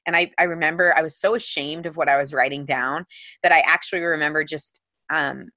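Earnest, bright-voiced woman telling her story. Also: low voice, fairly even intonation, brisk, dry recording. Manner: earnest, emotional, heavy use of "like". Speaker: podcast guest, author. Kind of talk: personal storytelling in an interview.

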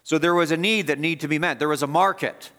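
A man's voice: on the high side, fast, bright, forceful tone. A man preaching an expository sermon as pastor, emphatic and repeating phrases for stress.

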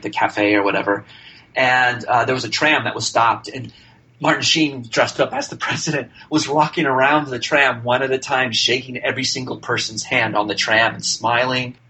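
A man with a bright, forceful voice tells a casual showbiz anecdote as a podcast guest. His talk is chatty and loose, with frequent fillers and restarts, at a middle pitch. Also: low-quality recording.

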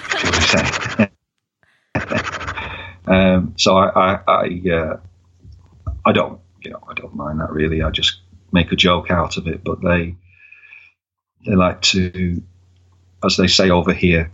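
A man working as a sports mascot, telling wry stories in a casual interview, halting with many restarts. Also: deep voice, a bit bright, slightly rough. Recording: dull lo-fi recording.

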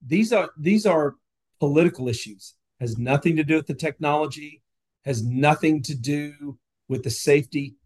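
A man's voice: fairly high pitch, moderate pace, a little mellow. A man speaking as a podcast guest, emphatic and insistent, often repeating words as he builds his point. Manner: emphatic, repetitive, argumentative. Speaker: guest, nuclear industry advocate. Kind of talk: passionate interview talk.

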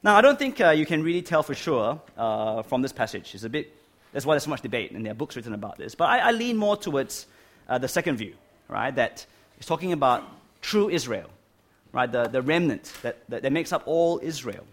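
A man's voice: medium pitch, big pitch swings, fairly quick. Male preacher, church hall with aircon, explanatory sermon, leans on key words. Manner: stresses key words, asks "right?" often. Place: church hall with air conditioning.

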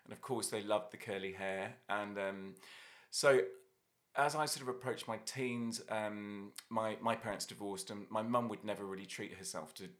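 A man's voice: on the low side, steady tone, normal speed, a bit bright. An Irish-born man, a hairdresser and salon owner, chatting as a guest in a podcast studio and telling stories with light laughs. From Ireland. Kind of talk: casual interview chat.

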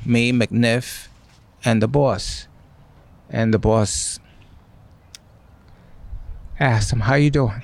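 A man in his sixties, a guest in an interview, telling stories in an animated way and acting out what others said. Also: medium pitch, gravelly. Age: 60s. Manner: animated, acts out quoted speech. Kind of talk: storytelling in an interview.

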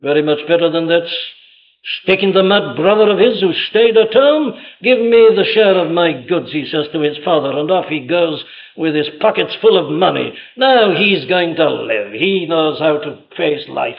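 A man's voice: a little high, lively intonation, moderate pace, creaky. A man preaching a sermon with emphatic delivery, rhetorical questions and vivid retelling of stories. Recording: dull lo-fi old sermon tape.

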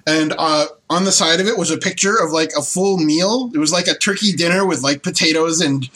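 Man, fairly high voice, bright tone, rambling podcast host. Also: brisk, poor audio. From Toronto area, Canada. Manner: rambling storyteller, laughs often. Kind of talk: casual podcast chat.

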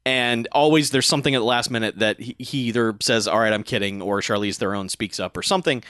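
A man's voice: medium pitch, fast talker, fairly bright tone, no room sound, studio quality. A man co-hosting a casual podcast, retelling a movie plot with laughs and acted-out quotes. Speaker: podcast co-host. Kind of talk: casual movie recap chat.

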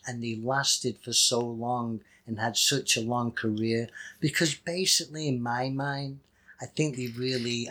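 A man's voice: medium pitch, fairly bright tone. A man with an English accent co-hosting a podcast in casual chat, rambling and playful, often correcting himself. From England. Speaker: podcast co-host.

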